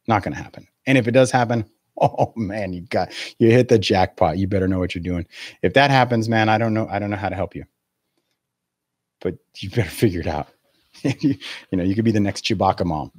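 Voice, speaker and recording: A man's voice: on the low side, brisk, a little mellow, husky, no room sound, studio quality. A man in his forties, a real estate coach giving a live video webinar in a blunt, profane, laughing rant. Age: 40s.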